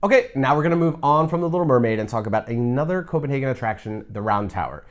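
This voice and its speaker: A man's voice: mid-range voice, animated, fast talker, noisy background. A man co-hosting a casual reaction chat, joking with a mock-exasperated tone and lots of "like". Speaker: co-host.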